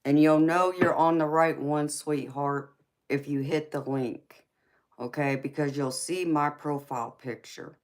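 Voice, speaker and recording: A woman's voice: sits low, fairly even intonation, measured pace, a little mellow. A woman hosting a tarot live stream, chatting casually with viewers, often teasing and calling them honey, baby and sweetheart.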